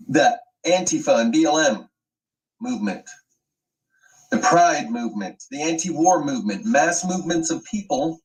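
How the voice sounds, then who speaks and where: A man's voice: on the high side, animated, a little slow, long pauses, far from the mic, rough recording. A man hosting an online commentary video, ranting with emphatic, profane sweeping claims.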